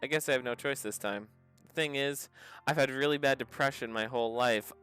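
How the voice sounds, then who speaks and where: A man reading the lines of a gloomy teenage girl who admits her sadness, in a soft, subdued voice pitched below his own. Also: fairly quick, clean tone, soft background music, natural voice. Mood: despairing. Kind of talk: reading visual novel dialogue aloud.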